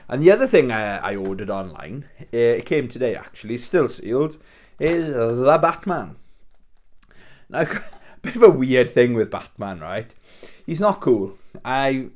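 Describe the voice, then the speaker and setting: A man's voice: mid-range voice, a little mellow. Rambling, jokey man vlogging. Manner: rambling, jokey, self-mocking. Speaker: game-collecting vlogger. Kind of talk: casual chat to camera.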